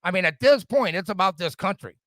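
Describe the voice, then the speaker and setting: Fired-up profane man ranting, high bright voice. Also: lively intonation, a little fast, no room sound. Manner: profane, fired-up, repetitive stammering restarts. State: drinking whiskey. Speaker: podcast host. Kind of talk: casual political rant.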